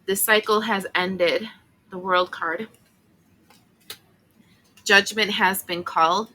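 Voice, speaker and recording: A woman's voice: mid-range voice, fairly even intonation, takes it slowly, pushed and bright, a little hiss or hum, rough recording. A woman giving a casual, chatty tarot reading, emotional at times, with many fillers and asides. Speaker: tarot reader.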